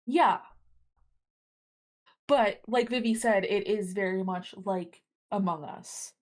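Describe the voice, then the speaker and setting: A young woman chatting as a guest on a live stream. Her talk is relaxed and agreeable, and she jumps quickly from one thought to the next. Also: mid-range voice. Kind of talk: casual chat.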